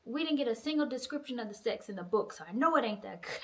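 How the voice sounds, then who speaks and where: A young woman recapping a novel in a casual, profane, animated way, acting out the characters' lines. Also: high voice, quick pace. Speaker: book reviewer. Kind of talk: casual book review recap.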